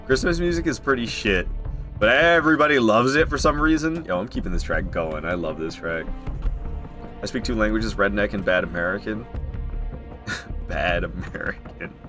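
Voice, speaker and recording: A man's voice: on the low side, animated, normal speed, long pauses, over music. A man streaming a video game, rambling and joking through casual commentary and swearing freely.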